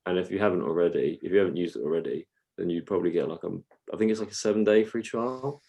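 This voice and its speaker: A man co-hosting a podcast talks at a quick pace in a low-pitched, dark voice during casual chat. Rambling and laughing through his stories, he also slips into silly voices now and then.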